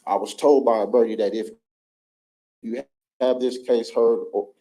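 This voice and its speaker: A man reading his prepared statement in court, halting, with restarts. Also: mid-range voice, fairly even intonation, warm tone, rough recording.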